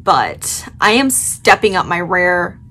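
A woman's voice: lowish voice, big pitch swings, slow pace, pushed and bright. A woman vlogger gushing dramatically over a new plant, yawning and sleepy despite her coffee. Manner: gushing, dramatic, swearing casually. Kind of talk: excited unboxing vlog.

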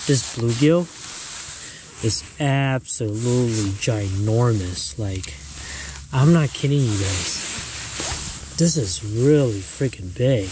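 A man from the US Midwest hosts a casual fishing vlog outdoors, his voice sitting in a middle pitch. He talks in a slangy, exclamatory way straight to his viewers. There is clear background noise on the outdoor camera audio. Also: slow pace. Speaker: fishing vlogger. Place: outdoors on the ice.

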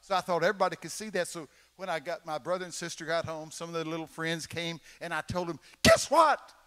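Forceful elderly Texan preacher. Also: male voice, a little high, flat delivery, fast, clean tone. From Texas, USA. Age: 80s. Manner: folksy, dramatic, acts out voices. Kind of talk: storytelling sermon. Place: large church conference hall. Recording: long reverb of a large hall.

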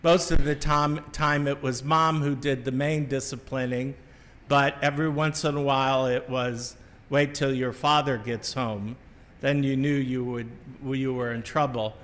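A middle-aged man from the American Midwest giving a homily as a Catholic priest, telling a story in a measured, reflective way with small restarts. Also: mid-range voice, little pitch movement, fairly bright tone. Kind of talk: sermon. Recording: long church reverb.

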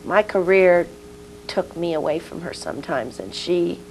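Gravelly-voiced woman telling stories. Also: on the low side, expressive, a little slow, slight background noise, low-quality recording. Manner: storytelling, acts out quoted dialogue. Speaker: interview guest. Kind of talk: casual interview chat.

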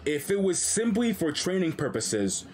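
A man's voice: fairly high pitch, very animated, moderate pace, darkish tone, breathy edge. A man reading out a young hero's lines in a formal, deferential way, close to his own voice.

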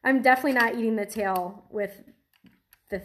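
In a casual food-tasting vlog, a woman with a voice on the high side talks fairly quickly to the camera, with a little hiss or hum in the recording. Trying a strange food makes her nervous, and she giggles and laughs through her fear.

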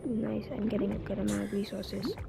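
A young woman giving casual, chatty commentary as she plays a game, with quick excited exclamations. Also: mid-range voice, vocal fry. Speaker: gamer. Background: game music.

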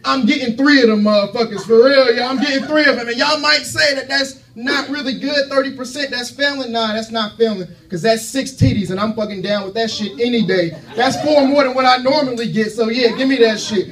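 Give me a man in his thirties, high-voiced and loud, doing a profane stand-up set, recorded from a distance. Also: fairly quick, hardly any pauses. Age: 30s. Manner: brash, loud and profane, riffing with the crowd. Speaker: stand-up comedian. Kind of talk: stand-up set in a comedy club. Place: comedy club stage.

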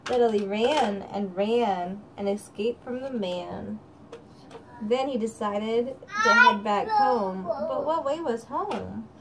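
A mother at home reading a bedtime story to her baby, with slow, sing-song, coaxing talk. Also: a little high, big pitch swings. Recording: distant home video with faint background noise.

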